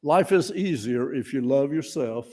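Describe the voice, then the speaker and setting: This lay speaker at a fellowship service is an older man whose dark, medium-pitched voice is animated but a little slow. His sermon is folksy and informal; he talks plainly, pokes fun at himself, and often starts his words over.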